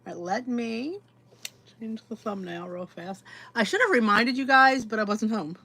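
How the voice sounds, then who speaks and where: A woman's voice: on the high side, expressive, moderate pace, sharp tone, slightly rough, no echo. A woman hosting a casual livestream podcast, chatty and a bit scattered, talking to herself while she sets up. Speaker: podcast host.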